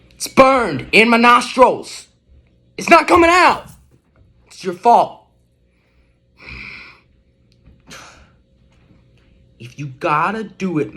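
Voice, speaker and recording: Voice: medium pitch, very animated, very slow, pauses often, pushed and bright, full character voice. A performer voicing an irritated young guy who vents and rants in an amateur comedy sketch. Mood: exasperated. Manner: exasperated, ranting.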